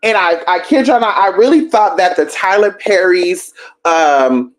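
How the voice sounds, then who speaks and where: A woman hosting a livestream, telling a story in a sassy, profane, animated way. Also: on the low side, measured pace. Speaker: livestream host.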